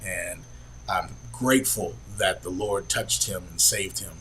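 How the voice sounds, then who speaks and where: A middle-aged man hosting a podcast, telling a family story in an earnest, halting way with many pauses and fillers. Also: low voice, steady tone, sharp tone, a little hiss or hum, poor audio. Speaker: podcast host. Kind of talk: personal storytelling.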